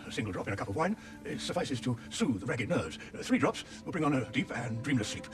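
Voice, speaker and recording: An actor playing a solemn court healer in a drama clip, explaining slowly and deliberately. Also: male voice, mid-range voice, sing-song, over music, natural voice. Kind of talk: period drama dialogue. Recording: TV clip with loud score.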